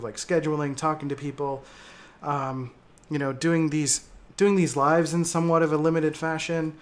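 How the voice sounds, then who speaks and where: A man hosting a casual livestream, reading viewer comments and talking reflectively with frequent hesitations and fillers. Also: fairly high pitch. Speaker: livestream host.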